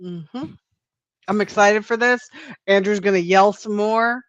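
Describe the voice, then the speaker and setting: A woman's voice: mid-range voice, measured pace, no echo, muffled recording. A woman co-hosting a casual panel chat, giggly and upbeat, with many small affirmations. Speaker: podcast co-host.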